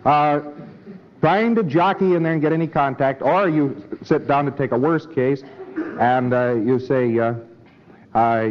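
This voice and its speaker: A man with a medium-pitched voice lectures at an unhurried pace, keeping it conversational and acting out both sides of short dialogues. It's a dull old lecture recording with a faint hiss.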